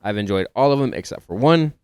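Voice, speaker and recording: A man with a Texas accent chats on a podcast, animated and prone to tangles in his sentences. His voice sits mid-range and comes across smooth and clear. The recording is dry and close. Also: medium pitch, fast, no room sound. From Dallas, Texas. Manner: animated, rambling, trips over words. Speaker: podcast co-host. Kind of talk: casual chat.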